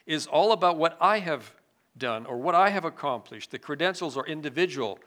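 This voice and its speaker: A man delivering a sermon in a bright, somewhat high voice. He reads passages aloud and then comments on them. He moves between strong emphasis and quiet, dropped-down asides. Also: brisk. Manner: expressive, swings between loud emphasis and hushed asides. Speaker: preacher. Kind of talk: sermon with scripture reading.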